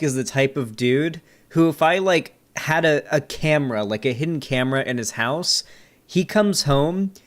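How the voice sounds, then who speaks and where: A man with a mid-range, slightly bright voice streams a review of a debate from a desk mic. His reaction commentary is casual and joking, packed with fillers and swearing.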